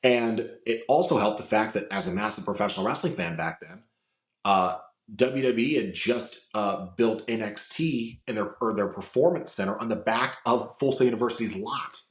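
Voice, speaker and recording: A man's voice: on the low side, moderate pace. Rambling man telling stories in an echoey room. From Florida, USA. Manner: rambling, lots of "like" and restarts. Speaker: podcast guest. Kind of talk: casual storytelling chat. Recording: roomy echo.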